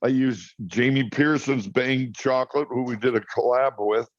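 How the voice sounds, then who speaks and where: A man's voice: medium pitch, normal speed, no echo. A chatty man tells rambling stories as an interview guest, tripping over his restarts. His voice arrives dry and slightly dull over a video call. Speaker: cannabis farmer guest. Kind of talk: casual interview storytelling. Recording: muffled dry online call audio.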